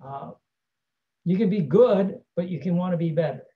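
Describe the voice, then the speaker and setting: A man's voice: high-pitched, moderate pace, phone-quality sound. A man giving a casual self-help talk, rambling and often tagging his points with "right?". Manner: rambling, frequent "right?" tag questions. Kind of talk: casual teaching monologue.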